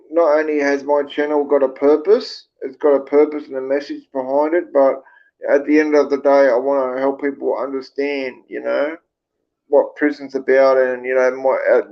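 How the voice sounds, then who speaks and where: This is an Australian man talking casually on a livestream, chatting with viewers and reading their comments. His voice is gravelly and sits in a middle pitch. He rambles, repeats himself and swears freely, and the stream audio sounds dull and lo-fi. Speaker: livestream host.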